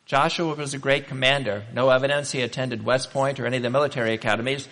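A man's voice: medium pitch, steady tone, fast, a bit bright, in a large hall. A male pastor preaching a sermon, telling stories in a conversational way and asking the congregation rhetorical questions.

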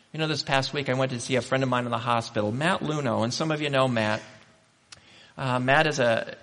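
A man's voice: mid-range voice, a bit bright, in a large hall. A male pastor preaching a sermon, telling stories in a conversational way and asking the congregation rhetorical questions.

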